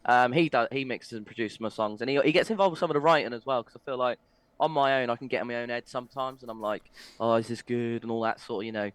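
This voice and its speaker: A man's voice: mid-range voice, rapid-fire, no echo. A young man, a musician guest, chatting casually and enthusiastically, with many "like"s and "mate"s. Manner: enthusiastic, laughs easily, uses "like" and "mate". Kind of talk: casual interview chat.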